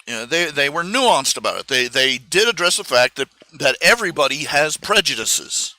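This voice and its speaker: A man hosting a live stream, talking in a casual, halting monologue full of fillers and restarts. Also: on the high side, very animated, sharp tone, dry recording. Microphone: streaming microphone.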